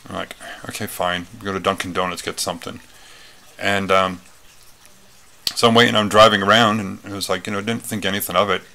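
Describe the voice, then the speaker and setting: Gravelly, bright-toned man telling a story. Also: low voice, fairly even intonation, fairly quick. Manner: rambling, many fillers and restarts. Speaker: retreat speaker. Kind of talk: personal storytelling talk.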